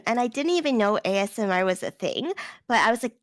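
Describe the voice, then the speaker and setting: A young woman guest on a casual podcast, sick with a cough, telling stories in an animated, giggly way. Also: medium pitch, normal speed.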